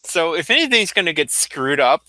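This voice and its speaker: A man's voice: fairly high pitch, very animated, normal speed, pushed and bright, no room sound, poor audio. A man narrating as game master, explaining at length with loose fillers and restarts.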